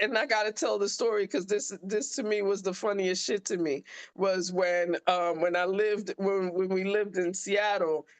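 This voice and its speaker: A woman hosting a podcast, chatting casually and telling a story bluntly with plenty of swearing and restarts. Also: lowish voice. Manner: blunt and profane, many restarts. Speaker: podcast host.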